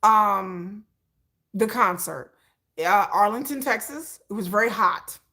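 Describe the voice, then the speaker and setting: A woman hosting a casual livestream, telling a long story in an animated, chatty way, rambling with restarts and acting out little asides. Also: mid-range voice, takes it slowly. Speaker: livestream host.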